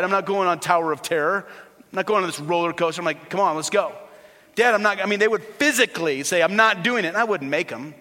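A man preaching a sermon as a pastor. He is animated and sometimes drops to a soft hush. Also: on the high side. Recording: long hall reverb.

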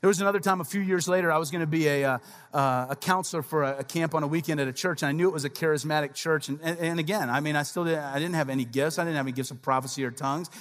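A man's voice: on the high side, racing, fairly bright tone. A man in his forties preaching a sermon as pastor, telling personal stories in a conversational way with frequent asides to the congregation.

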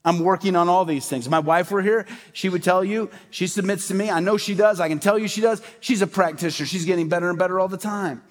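A pastor with a high voice and fairly even intonation preaches fast, with few pauses. His sermon in the church sanctuary is conversational and animated, full of asides to the congregation, and hall reverb colors the sound.

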